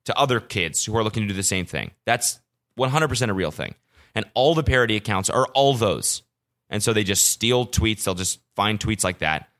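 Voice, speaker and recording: A man's voice: fairly low pitch, a bit bright. A young man hosting a podcast, ranting casually with profanity and self-mocking storytelling. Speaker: podcast host. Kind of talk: casual solo podcast rant.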